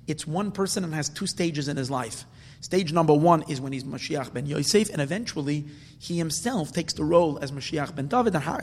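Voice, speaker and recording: A man teaching a Talmud class with a somewhat high, husky voice. He explains patiently, circling back over his words, then pushes into emphatic bursts. The sound carries a long hall reverb. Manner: explanatory, repeats and restarts, builds to emphatic bursts. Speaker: Torah teacher.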